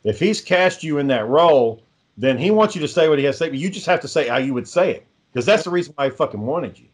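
A man's voice: on the high side, animated, fast, breathy edge. A man who hosts the podcast and makes indie films, talking in a laid-back casual chat and swearing constantly. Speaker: podcast host and indie filmmaker.

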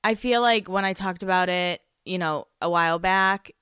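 A woman's voice: on the low side, moderate pace, a bit bright, clean tone, no echo, clean studio sound. A woman hosting a podcast, recapping in casual chat, rambling, swearing and laughing at herself. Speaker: podcast host.

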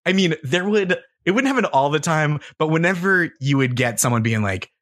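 A man's voice: on the high side, expressive, fairly quick, a bit bright, dry recording, studio quality. A man, a guest comedian, telling rambling stories in casual podcast chat, with lots of fillers and laughs. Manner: laid-back, rambling with many fillers and laughs.

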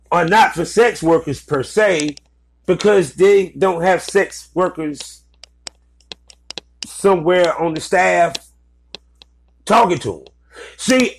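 A man's voice: fairly high pitch, a little hiss or hum. A man giving blunt, profane business advice in a casual, ranting commentary. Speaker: vlogger giving advice to content creators.

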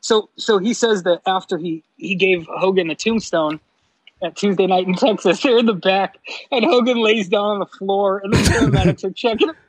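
A man co-hosting a casual wrestling podcast, talking in a lively way, laughing often and mimicking announcers. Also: high voice, moderate pace, no room sound, low-quality recording. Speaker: podcast co-host. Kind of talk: casual chat.

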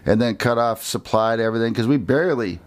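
Male podcast guest, mid-pitched, blunt and profane. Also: fast. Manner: blunt, swears freely when ranting. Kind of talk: casual chat.

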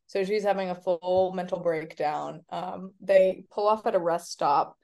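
A woman co-hosting a podcast in casual chat, recapping scenes in an animated way and laughing along. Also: on the low side, a little slow, vocal fry. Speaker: podcast co-host.

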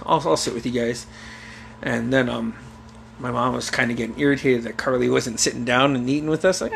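A young man telling a family story in casual chat, swearing freely and bursting into loud acted-out quotes and laughter. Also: medium pitch, a little fast, vocal fry, slight background noise. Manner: animated storyteller, swears a lot, acts out quotes loudly with laughter.

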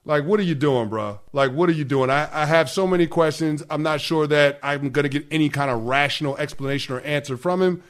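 A man's voice: a little high, fairly quick, few pauses. A man co-hosting sports radio, giving emphatic opinions packed with fillers. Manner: emphatic, full of "like" fillers and restarts.

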